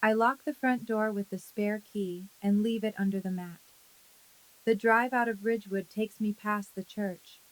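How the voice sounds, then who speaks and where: Over poor audio, a thirty-something woman recounts a dramatic story of her own. Her mid-range delivery stays calm and measured, with a quietly intense edge.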